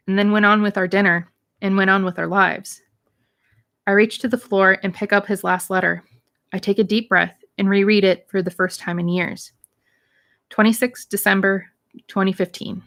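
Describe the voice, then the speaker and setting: A woman's voice: mid-range voice, fairly even intonation, moderate pace, fairly bright tone. Woman reading a novel aloud. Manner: plain reading with light voicing of dialogue, occasional slips and restarts. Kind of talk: read-aloud narration of a novel.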